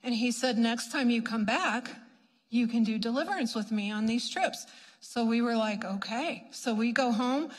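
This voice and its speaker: A woman telling a lively ministry story to a congregation, acting out her own reactions. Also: fairly high pitch, normal speed. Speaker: ministry speaker. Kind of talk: testimony sermon storytelling. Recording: long hall reverb.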